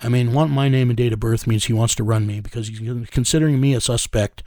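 A man's voice: medium pitch, steady tone, fast, warm tone, dry recording, clean studio sound. A man telling a story as an interview guest, blunt and profane, chuckling as he goes. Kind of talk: casual storytelling.

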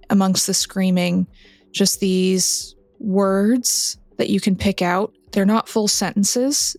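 A woman narrating a tabletop game as game master, in a measured, descriptive way. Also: mid-range voice, darkish tone, no echo.

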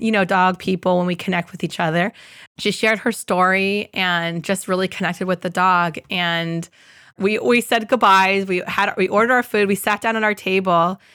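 Woman podcast host, earnest storyteller, mid pitch, close dry recording. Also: fairly bright tone, clean tone, dry recording. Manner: earnest storyteller, acts out quoted voices. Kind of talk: casual spiritual podcast talk.

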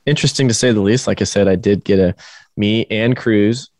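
Guy telling a racing story, lively, cusses, dry sound close up. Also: fairly low pitch, fairly quick, no room sound. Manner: animated storyteller, acts out quoted voices, swears, laughs. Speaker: drag racing driver. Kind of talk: casual storytelling interview.

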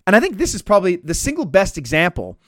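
A man's voice: high-pitched, huge pitch swings, fast talker, no echo, clean studio sound. A man hosting a comedic podcast, talking in a sarcastic, profane, ranting way. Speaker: podcast host.

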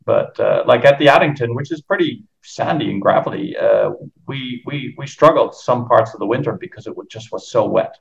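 Gravelly Dutch man with an American tinge. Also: mid-range voice, lively intonation, normal speed, hardly any pauses. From Netherlands. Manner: rambling, many restarts and fillers. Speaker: golf course architect. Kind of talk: podcast interview. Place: home. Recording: muffled lo-fi audio.

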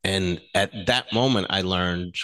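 A man's voice: deep voice, unhurried, pushed and bright. A middle-aged man co-hosting a relationship talk show, speaking earnestly and frankly, telling stories from his own life. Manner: earnest, storytelling, frank with swearing. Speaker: podcast co-host.

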